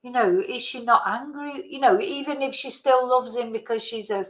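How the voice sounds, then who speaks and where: A woman hosting her own channel, giving casual commentary and reading news articles aloud, slow and hesitant, stumbling over names. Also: fairly high pitch, fairly bright tone, low-quality recording. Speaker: channel host.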